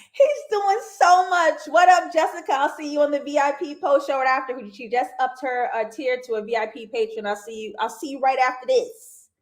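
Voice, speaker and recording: A woman hosting a casual livestream TV review, animated and laughing often as she talks to her viewers. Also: sits high, fairly quick, few pauses. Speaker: TV review host.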